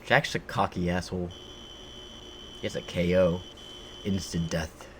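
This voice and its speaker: A man's voice: low voice, flat delivery, a little slow, fairly bright tone, a little hiss or hum. A man streaming a video game, joking and rambling in casual commentary.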